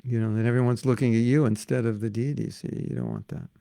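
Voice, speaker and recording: An older man leads a relaxed devotional class in a gravelly voice. He talks casually, fields questions and now and then slips into chanted prayers. The sound is dry and close to the mic. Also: mid-range voice, fast talker, no echo. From United States. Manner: chatty, answers questions from the audience. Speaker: spiritual teacher.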